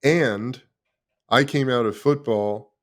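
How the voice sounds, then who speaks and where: A man's voice: mid-range voice, takes it slowly. A man in his thirties, a former pro football player, tells his personal story as a guest in an emotional, confessional way and swears freely.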